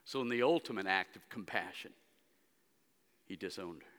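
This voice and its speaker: Forceful man preaching in an echoing church. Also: sits low, normal speed. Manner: dramatic preaching, swinging between hushed and loud emphatic stretches. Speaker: pastor. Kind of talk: sermon. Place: church sanctuary. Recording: long hall reverb.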